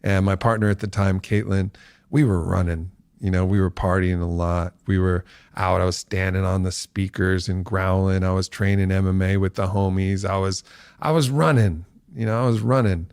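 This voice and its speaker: A man in his forties, a podcast guest, telling a story in casual talk and acting out quotes with big jumps in pitch. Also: fairly even intonation, normal speed, a little mellow, clear, resonant tone, dry recording, clean studio sound.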